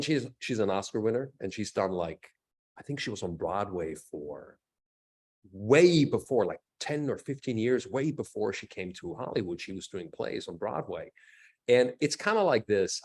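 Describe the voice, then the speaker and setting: A middle-aged man, an actor and fight coordinator, telling stories in a casual interview and acting out the lines he quotes. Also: mid-range voice. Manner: animated storyteller, acts out quotes.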